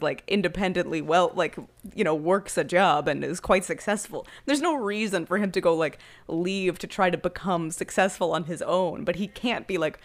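Lower-pitched woman recapping a film. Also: moderate pace, hardly any pauses. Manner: animated storytelling, acting out characters' lines. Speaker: podcast co-host. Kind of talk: casual film recap chat.

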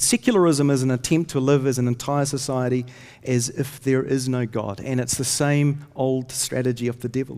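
A man's voice: mid-range voice, darkish tone. A man preaching a sermon, telling stories earnestly and lifting his voice when he reads scripture. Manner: earnest storytelling, rises when reading scripture. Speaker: pastor. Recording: long hall reverb.

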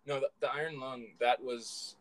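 A young man in casual chat, answering with quick protesting, deadpan retorts. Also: medium pitch, crowd noise, rough recording. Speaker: chat partner.

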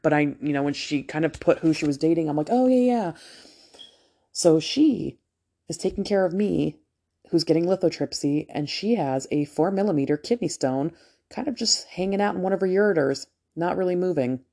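A woman's voice: sits low, brisk, gravelly, dark tone. Candid, foul-mouthed woman nurse telling a story. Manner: candid, profane, chatty. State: just out of anesthesia after a procedure. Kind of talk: casual storytelling to camera.

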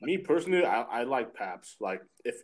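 A man's voice: mid-range voice, big pitch swings, moderate pace, rough recording. A man hosting a podcast, chatting casually and swearing freely as he tells rambling stories. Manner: profane storyteller, acts out voices in his anecdotes. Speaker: podcast host. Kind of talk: casual chat.

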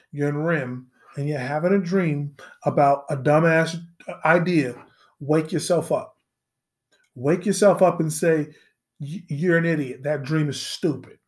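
A young adult man hosting a solo podcast, ranting in a profane, sarcastic, rambling way, tagging lines with "right?" and "you know?", and dropping into low mock voices when he quotes people. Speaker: podcast host. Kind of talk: solo comedic podcast rant.

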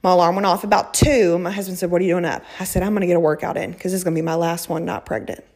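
Lady in her 30s telling her story, gets lively acting out quotes. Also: lowish voice, racing. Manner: animated, quotes people in raised voices. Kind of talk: casual storytelling.

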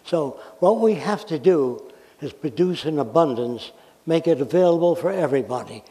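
A man's voice: a little high, animated, moderate pace, mellow. Blunt American man lecturing in a hall. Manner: blunt, emphatic, uses examples and questions. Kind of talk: public lecture. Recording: reverberant hall.

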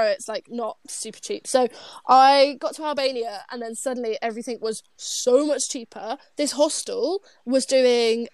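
A woman's voice: a little high, no echo. A woman in her twenties with a British accent, chatting casually as a guest, bubbly and rambling with frequent laughs and restarts. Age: 20s. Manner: bubbly, rambling, laughs often, self-interrupting. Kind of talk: casual chat.

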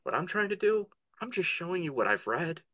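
A man's voice: sits high, very animated, a little fast, sharp tone, no room sound. A man speaking earnestly and fervently as a podcast guest, often tripping over and repeating words. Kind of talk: passionate podcast conversation.

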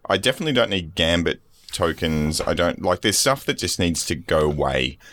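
A man's voice: low voice, expressive, normal speed, a bit bright. A man chatting casually about a video game, giggly and full of restarts. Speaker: gamer podcast co-host.

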